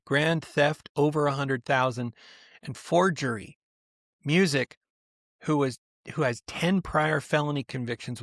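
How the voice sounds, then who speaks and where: A middle-aged man co-hosting a podcast, telling stories in a casual, animated way and slipping into the voices of the people he quotes. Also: medium pitch, dry recording, studio quality. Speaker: podcast co-host. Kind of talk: casual chat.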